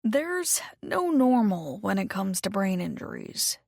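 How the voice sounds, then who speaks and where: A woman voicing a calm, middle-aged male doctor who speaks in a measured, reassuring way. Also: mid-range voice, creaky, no echo, studio quality, exaggerated voice.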